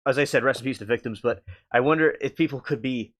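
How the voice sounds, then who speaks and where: A man hosting a live stream, reacting casually to chat, halting and meandering with many restarts. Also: medium pitch, a bit bright.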